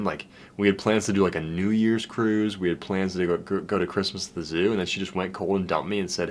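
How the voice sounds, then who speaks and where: He speaks low and fast, with few pauses and fairly even intonation. A dating coach, he delivers a candid, swear-heavy casual monologue, tossing in "dude" and "man" every other line, and grows heartfelt and emotional recalling how lonely he once was.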